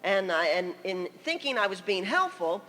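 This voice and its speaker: An older woman preaching a sermon, telling stories in a lively, laughing manner. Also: medium pitch, moderate pace. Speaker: guest preacher. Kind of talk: humorous sermon storytelling. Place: church sanctuary. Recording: long church hall reverb.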